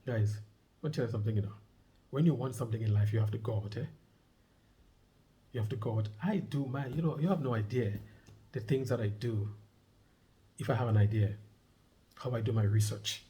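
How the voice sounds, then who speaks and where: A man's voice: mid-range voice, a little fast, pauses often, warm tone. A middle-aged man vlogging, reading a news article aloud and breaking off to comment, repeating key points with emphasis. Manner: emphatic, repeats key points, asks listeners to underline words.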